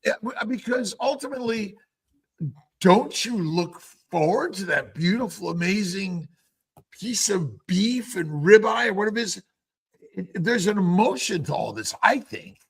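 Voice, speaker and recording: A man hosting a casual chat, musing aloud in a halting way with many restarts. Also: high voice, lively intonation, creaky, breathy edge. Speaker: host.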